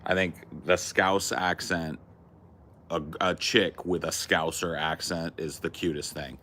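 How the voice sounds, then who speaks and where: A man's voice: low-pitched, flat delivery, measured pace, bright, forceful tone. A young man from California, casually bantering as a podcast host in a laid-back, crude, joking way.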